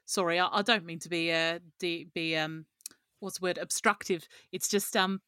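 A woman voicing a gentle, unassuming middle-aged male halfling healer who talks mildly and hesitantly. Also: on the low side, steady tone, moderate pace, no echo, clean studio sound. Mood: apologetic. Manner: mild, fussy, polite, hesitant.

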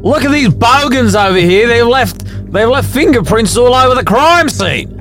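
A man voicing a blunt male police inspector in a put-on Australian accent, pitched up. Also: expressive, normal speed, a bit bright, soft background music, heavily acted. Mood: brash.

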